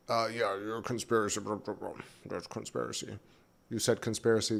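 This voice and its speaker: A man hosting a casual livestream, rambling and chatty, talking while eating. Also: fairly low pitch. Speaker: livestream host. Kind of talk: casual live-stream chat. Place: back porch at home, outdoors.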